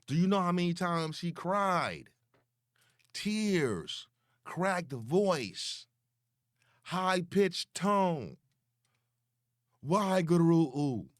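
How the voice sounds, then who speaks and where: A young man, ranting slowly and profanely as he calls someone out online, repeating words for emphasis. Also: high voice, animated, fairly bright tone, dry recording, clean studio sound. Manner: slow, taunting and profane. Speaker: online commentator. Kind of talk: confrontational call-out rant.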